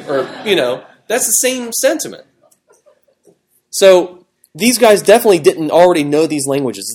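A man teaching a Bible study class, talking in a conversational, animated way with fillers and restarts. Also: fairly high pitch. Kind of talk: classroom Bible lesson with fill-in notes.

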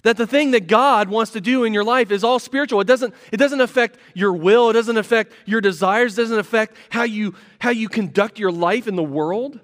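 A man's voice: high-pitched, moderate pace, hardly any pauses, a bit bright, big-room sound. A man preaching a sermon as pastor, teaching earnestly and repeating key phrases for emphasis.

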